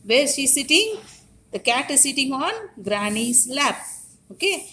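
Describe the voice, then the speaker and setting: A woman's voice: on the high side, sing-song, measured pace, a bit bright. A preschool teacher, teaching small children in a sing-song, coaxing way and repeating her questions. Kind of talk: classroom teaching to young children. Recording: echoey classroom, faint noise.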